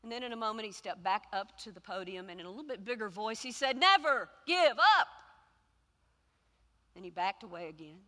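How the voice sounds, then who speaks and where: A woman pastor preaching a sermon, telling a story with pauses and building to loud, emphatic repetitions. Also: medium pitch, big-room sound.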